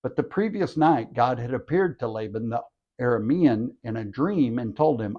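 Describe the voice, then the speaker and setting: A man's voice: mid-range voice, animated, moderate pace, narrow, tinny audio. A man who hosts a podcast, reading a scripture passage aloud and breaking in with wry jokes. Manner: wry, joking asides. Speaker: scripture reader and podcast host. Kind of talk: bible reading with asides.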